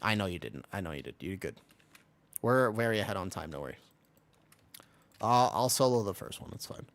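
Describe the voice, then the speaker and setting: A man's voice: deep voice, a little fast, no room sound. Young guy on a gaming stream, bouncy up and down voice, dry close sound, keys clacking. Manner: rambling storyteller, animated voices when quoting. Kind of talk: casual gaming stream chat.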